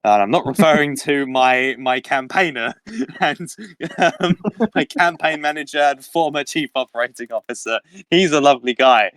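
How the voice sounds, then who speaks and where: A man's voice: medium pitch, moderate pace, a bit bright, dry recording. Young man hosting a casual quiz. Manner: reads questions and options aloud, laughs often. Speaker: quiz host.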